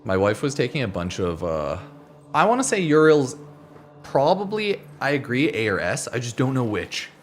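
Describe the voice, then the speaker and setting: Fields: man, chatty game streamer, lively pitch, faint music behind. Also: normal speed. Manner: chatty, rambling, swears casually. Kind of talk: casual livestream chat. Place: home streaming setup.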